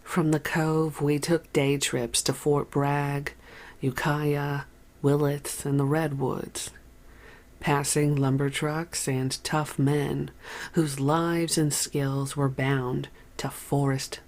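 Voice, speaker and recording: An audiobook narrator reading a memoir in an unhurried storytelling manner. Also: medium pitch, flat delivery.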